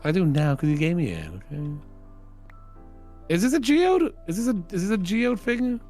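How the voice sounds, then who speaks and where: A man chatting casually during a game with a friend. He asks questions and teases in a lively, animated voice. Faint music sits in the background. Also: high voice, fast. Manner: wondering, teasing. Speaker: guest co-player. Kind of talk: casual gaming chat.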